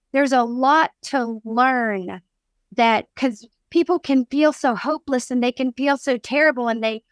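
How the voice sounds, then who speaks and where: A Southern woman therapist explains her ideas with earnest emphasis, her voice sitting a touch high. The sound is dry and close, with no room around it. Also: no room sound. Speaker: therapist and counseling teacher. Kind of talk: podcast guest explaining.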